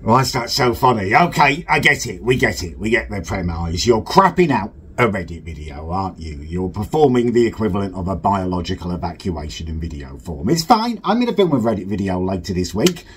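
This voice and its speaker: Indignant man, low and rough. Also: very animated, fairly quick, hardly any pauses, a bit bright. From northern England. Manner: mock-pompous, indignant, wildly swinging pitch. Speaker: reaction video host. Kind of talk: comedic reaction commentary in character.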